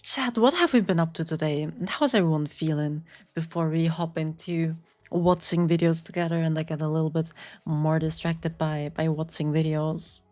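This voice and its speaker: A woman's voice: low voice, steady tone, a little mellow, soft background music. A woman with a slight German accent, streaming casually and chatting with viewers in a playful, rambling way. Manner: playful, rambling, answers chat with quick squeals and laughs. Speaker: VTuber streamer. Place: home apartment.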